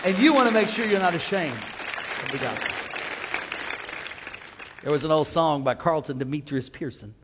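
A man's voice: fairly high pitch, expressive, normal speed, pauses often, a crowd in the background, noisy background. A man preaching a sermon, mixing call-and-response cries with casual asides. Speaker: pastor. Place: church sanctuary. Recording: long hall reverb.

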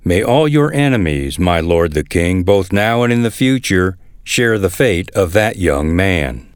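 A man's voice: low-pitched, expressive, unhurried, clean tone, dry recording, clean studio sound. A man reading aloud voices a formal, ceremonious messenger addressing a king. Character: formal male foreign messenger.

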